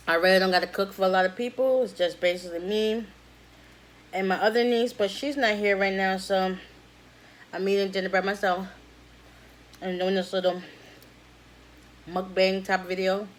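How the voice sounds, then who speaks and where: A woman chatting casually while eating fried chicken for a vlog, slangy and relaxed, humming with pleasure between bites. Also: medium pitch, a little slow, long pauses. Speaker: mukbang vlogger.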